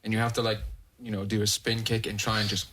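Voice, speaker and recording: Casting: animated, foul-mouthed man with a bright voice, light background hiss. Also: on the low side, quick pace. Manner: animated, profane, acts out voices in his stories. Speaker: podcast guest. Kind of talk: casual storytelling.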